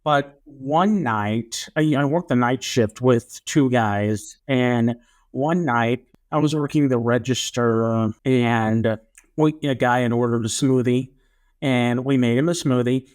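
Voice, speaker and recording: A young man co-hosting a podcast, telling a story in a casual, animated way and acting out what people said. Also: mid-range voice, takes it slowly. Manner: animated storyteller, acts out quotes. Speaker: podcast co-host.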